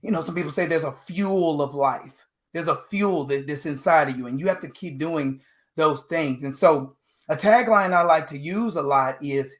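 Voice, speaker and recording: A man from Texas giving an energetic motivational talk as a guest speaker on a video call panel. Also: on the high side, moderate pace. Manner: energetic, preacher-like delivery.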